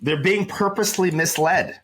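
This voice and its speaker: A man's voice: high voice, normal speed, fairly bright tone, slightly rough. Emphatic man, employment advisor. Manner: emphatic, repeats words when fired up. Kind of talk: animated podcast conversation.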